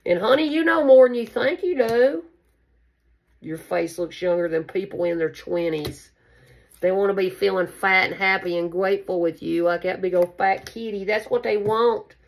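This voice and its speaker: A woman's voice: medium pitch, normal speed. A woman giving a casual tarot reading to camera, chatty and affectionate, calling her listeners baby. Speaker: tarot card reader.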